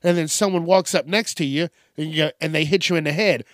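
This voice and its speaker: Sitting high in pitch, the man's voice runs a little fast with few pauses, recorded at studio quality without echo on a studio mic. He's a podcast host doing a casual solo episode, profane and rambling, with a slight Southern twang and frequent laughs.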